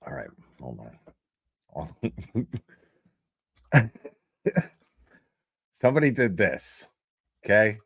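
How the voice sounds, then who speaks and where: A man's voice: on the low side, sing-song, very slow, pauses often, fairly bright tone, slightly rough, no room sound, studio quality. Profane, chatty male stream host. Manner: chatty and profane, laughs often, talks to chat. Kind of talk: casual commentary on a played video.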